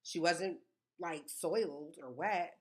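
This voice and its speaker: A woman, telling stories in a casual chat, animated and emphatic, often repeating words for effect. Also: on the low side, takes it slowly, slight background noise. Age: 30s.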